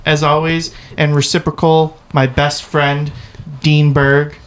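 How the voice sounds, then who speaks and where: A man's voice: on the high side, level tone, slow pace, smooth. A man co-hosting a comedy podcast in casual chat, teasing and joking. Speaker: podcast co-host.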